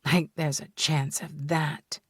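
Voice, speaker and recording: A woman reads a first-person romance audiobook at a slow, unhurried pace. Her voice sits a little low, and the studio sound is dry and close. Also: flat delivery, slightly rough, no echo. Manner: measured, unhurried storytelling. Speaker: audiobook narrator.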